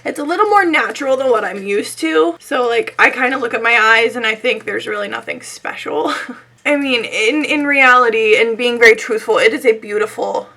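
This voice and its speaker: Young female beauty vlogger, high and bright but hoarse and scratchy from illness; casual, chatty tutorial delivery. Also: moderate pace. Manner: chatty, self-deprecating, frequent "like". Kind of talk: casual makeup tutorial chat.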